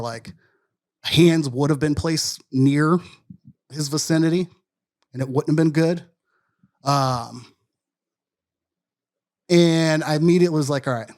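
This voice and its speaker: A man from Wisconsin co-hosts a casual sports podcast. His voice sits at a middle pitch, and he tells stories in a loose, profane, self-deprecating way. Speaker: podcast co-host. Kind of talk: casual storytelling chat.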